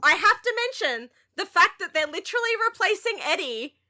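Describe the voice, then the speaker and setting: A woman's voice: extremely high pitch, very animated, brisk, sharp tone. A young adult woman co-hosting a podcast, chatting casually and emphatically about a TV show. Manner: emphatic and exasperated. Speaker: podcast co-host.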